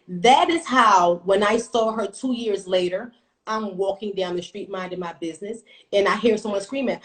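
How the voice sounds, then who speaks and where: A woman in her thirties tells a story from her own life on a casual livestream. She is blunt and swears freely, and her telling is animated. Her voice sits a little high. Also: a little fast, rough recording. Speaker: livestream host.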